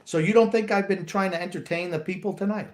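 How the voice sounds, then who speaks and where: Middle-aged male co-host, cranky and sarcastic, slightly high voice, ranting chat. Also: fairly even intonation, quick pace. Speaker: podcast co-host. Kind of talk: casual sports chat.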